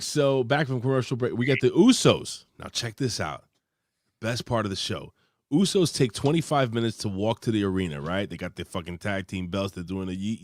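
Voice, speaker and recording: A man's voice: no echo, studio quality. A man hosting a casual wrestling review show, recapping in a profane, rambling way. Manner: profane, rambling recaps with lively pitch swings. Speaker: host.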